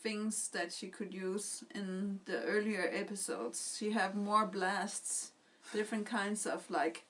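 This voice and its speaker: A woman of middle pitch chimes in during a casual chat, mostly with short quiet remarks. She sits a little away from the microphone, so her voice sounds slightly distant. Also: steady tone, takes it slowly. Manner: quiet backchannel, brief remarks. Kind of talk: casual discussion.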